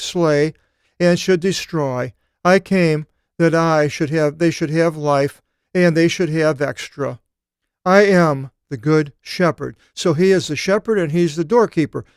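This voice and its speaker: A man teaching a Bible study seminar, reading scripture aloud and explaining it, with thoughtful pauses and occasional fillers. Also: on the high side, clear, resonant tone, no echo, studio quality.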